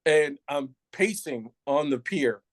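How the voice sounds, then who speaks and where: Speaking slowly in a slightly high voice, recorded with no room sound, this middle-aged former NYC cop shares a candid story. He laughs frequently and animatedly performs the lines of the people involved.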